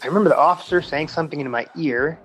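A man in his thirties, a Navy veteran, telling his story casually in an interview with many fillers and chuckles. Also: on the high side. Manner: halting, chuckling, lots of fillers. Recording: slightly dull sound with faint music.

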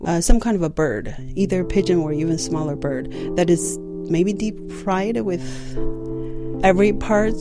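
A woman from China, telling a personal story in halting English with some nonstandard grammar. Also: fairly low pitch, over music. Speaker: interviewee.

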